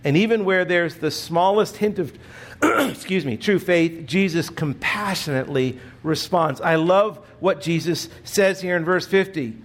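A man preaching a sermon in an earnest, emphatic way, often clearing his throat. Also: sits high, a little slow. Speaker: pastor.

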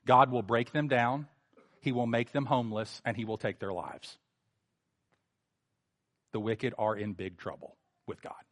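A male pastor preaching a sermon, animated, with sarcastic mocking asides. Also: mid-range voice, unhurried, long pauses.

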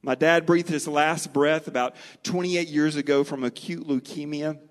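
Earnest middle-aged preacher in a big hall. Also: male voice, on the high side, steady tone, normal speed. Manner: earnest, storytelling, varies pace for emphasis. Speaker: pastor. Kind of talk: sermon. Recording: long reverb of a large hall.

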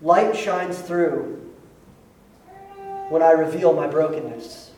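A male pastor with a high voice delivers a conversational sermon, dropping casual slang and rising to emphatic peaks. He sounds somewhat far from the mic, and his voice rings through a roomy church sanctuary with faint ambience behind it. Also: slow, a little mellow, slight background noise. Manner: conversational preaching with slangy asides.

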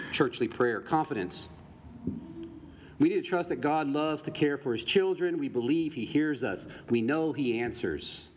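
Preaching man in a reverberant church. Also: medium pitch. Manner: preaching with rhetorical questions to the congregation. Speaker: pastor. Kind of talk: sermon. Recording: long reverb, faint background noise.

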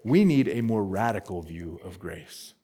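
A man's voice: lowish voice, expressive, unhurried, mellow, breathy edge. A male pastor preaching an expository sermon, emphatic, repeating key words and asking rhetorical questions.

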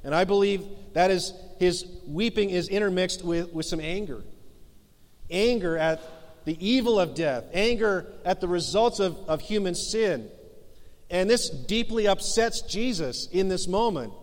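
A middle-aged male pastor preaching a sermon in a church, earnest and emphatic, slowing down to stress key phrases. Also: high voice, animated. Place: church sanctuary. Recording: long hall reverb in church.

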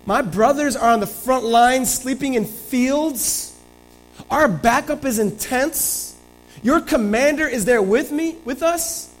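A man's voice: high-pitched, lively intonation, unhurried, creaky, darkish tone, faint music behind, heavily acted, low-quality recording. A man voicing a principled soldier who speaks in earnest, indignant modern paraphrase.

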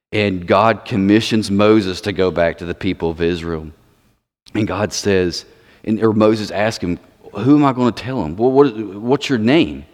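A man preaching a sermon, explaining scripture and putting questions to the audience. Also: sits low. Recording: long hall reverb.

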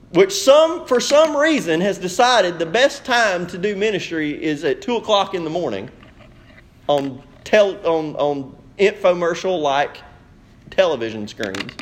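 A man's voice: sits high, sing-song, moderate pace. A man preaching a sermon as pastor, emphatic and conversational.

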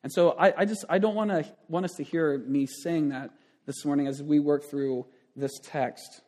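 A man's voice: a little high, steady tone, normal speed, dark tone. A man in his thirties, a pastor giving a conversational sermon with frequent asides and restarts.

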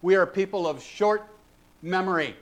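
Brief: male pastor mid-sermon, emphatic, slightly high pitch. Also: normal speed. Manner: emphatic, rising to exhortation.

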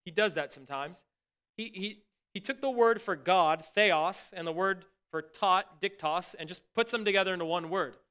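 A middle-aged man, a pastor, preaching a sermon in an earnest, emphatic way, often restarting words and dropping to soft asides. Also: high-pitched, moderate pace, clean tone.

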